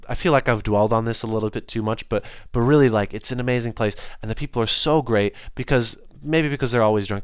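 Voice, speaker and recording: A man's voice: fairly low pitch, clean tone, no room sound, clean studio sound. A young man hosting a podcast, talking alone in a casual, enthusiastic, rambling way with many restarts. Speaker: podcast host. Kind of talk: casual solo monologue.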